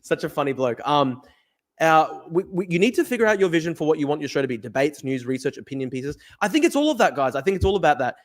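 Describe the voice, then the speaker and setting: A man's voice: a little high, very animated, fast talker. A young man hosting a livestream, brash and laughing as he reads comments. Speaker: host. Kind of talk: livestream chat.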